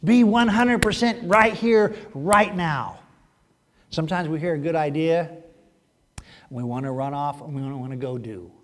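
A man preaching a sermon, animated, swinging from loud exclamations to hushed asides and acting out quoted voices. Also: a little high, a little slow, long reverb tail. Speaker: pastor.

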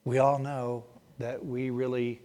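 A man preaching a sermon, animated, rising loud on emphasis and dropping to hushed asides. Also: mid-range voice, unhurried. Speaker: pastor.

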